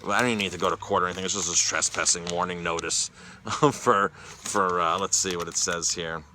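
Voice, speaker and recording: A man telling a personal story in a casual vlog, animated, often stumbling over and repeating his words. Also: low voice, a little fast, a little hiss or hum. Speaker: chef and cyclist vlogger.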